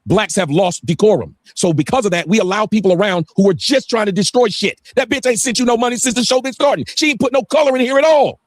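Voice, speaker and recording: A man's voice: sits high, fast talker, few pauses, no room sound. A man on a livestream talking heatedly, ranting emphatically and swearing often. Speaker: guest on a livestream.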